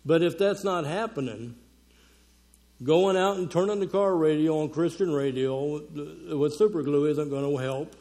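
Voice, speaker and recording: Speaking at a normal speed in a slightly high, dark-toned voice, this conference speaker gives a sermon to a women's gathering. He keeps it homey and chatty, with filler words and small chuckles.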